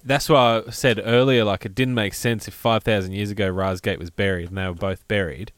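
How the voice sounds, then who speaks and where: A man co-hosting a casual podcast, relaxed and chiming in. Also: lowish voice, brisk, no echo. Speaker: podcast co-host. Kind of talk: casual chat.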